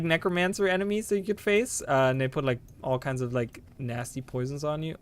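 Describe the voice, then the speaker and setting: A man's voice: medium pitch, fairly quick, hardly any pauses, clean tone, no echo. A man streaming a game live, rambling to his viewers with bursts of delighted exclamations and casual swearing. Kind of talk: casual live gameplay commentary.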